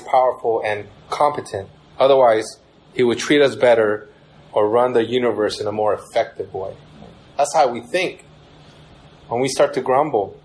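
A man's voice: medium pitch, low-quality recording. A young man preaching a sermon in a casual, conversational way, acting out prayers with a raised voice. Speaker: pastor.

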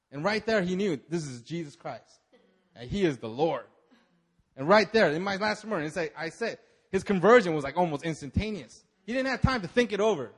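A man preaching a sermon at a church service, telling the story with animated energy and acting out the figures in it. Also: on the high side, brisk.

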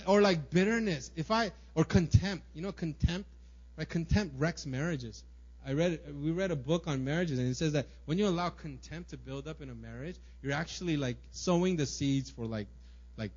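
A man's voice: a little high, darkish tone, highs cut off. A man preaching a sermon in a casual, conversational way, often tagging "right?" and muttering little acted quotes. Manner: acts out small everyday quotes in muttering asides. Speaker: pastor.

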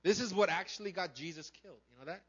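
A man preaching a sermon in a casual, animated way, asking his listeners questions and acting out the characters. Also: high voice, fast talker, husky, muffled recording. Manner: animated, conversational, acts out characters, asks the crowd questions. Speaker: pastor.

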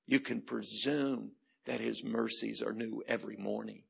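A man's voice: fairly low pitch, steady tone, normal speed, vocal fry, slightly rough. A male preacher giving a sermon in a conversational, humorous way, repeating phrases for emphasis.

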